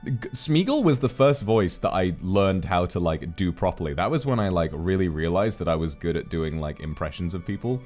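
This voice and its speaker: A man chatting casually on a live stream, animated and quick to jump into voices. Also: low voice, faint music behind. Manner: animated, jumps into voices and laughs.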